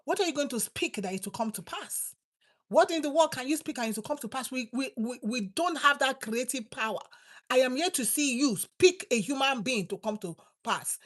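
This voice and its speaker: Woman preacher, high voice, emphatic sermon delivery, repeats for stress. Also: lively intonation, normal speed. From Nigeria.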